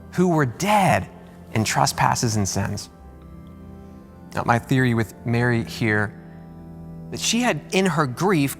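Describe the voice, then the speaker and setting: A man preaching a sermon as pastor, emphatic and animated, repeating key words and jumping up in pitch to stress them. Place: large church auditorium. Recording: long hall reverb with faint music.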